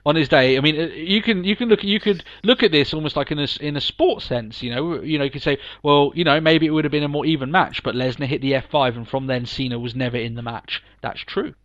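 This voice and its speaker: A man's voice: a little high, quick pace, hardly any pauses, no room sound, muffled recording. A man co-hosting a podcast, chatting casually and emphatically, laughing often. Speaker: podcast co-host. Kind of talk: casual wrestling review chat.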